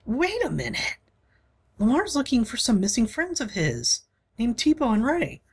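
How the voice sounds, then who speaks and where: A woman voicing an earnest, excitable young game companion in a high, urgent and insistent voice. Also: normal speed, breathy edge, heavily acted.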